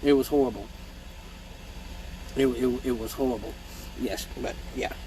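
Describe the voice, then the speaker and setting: A man telling profane childhood stories in a casual live stream, animated and mimicking voices, with hiccups. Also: mid-range voice, measured pace, a little hiss or hum, rough recording. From Michigan. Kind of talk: casual storytelling.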